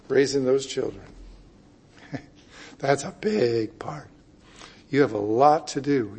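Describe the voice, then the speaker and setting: A man preaching a sermon, reading scripture and explaining it with emphatic swings between loud declarations and hushed asides. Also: fairly high pitch, slightly rough.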